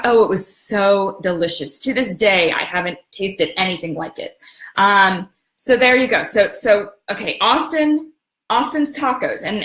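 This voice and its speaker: Woman, travel host, casual rambling chat, searches for words, fairly high voice, echoey room. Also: a bit bright. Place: home in Atlanta. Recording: roomy echo.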